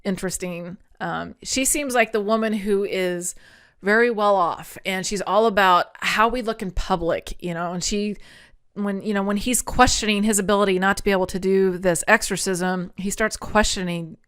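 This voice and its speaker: Casting: woman podcast host, smooth clear voice, earnest and emotional, chatty recap. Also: mid-range voice, steady tone, normal speed, a bit bright. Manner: earnest and chatty, often laughing; emotional, near tears. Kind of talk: casual episode recap.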